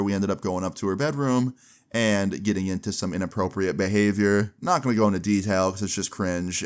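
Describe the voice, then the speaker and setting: A young man recounting a personal story to camera in a relaxed, slangy vlog style. His voice sits a little low, and he keeps the telling lively. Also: clear, resonant tone. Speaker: vlogger.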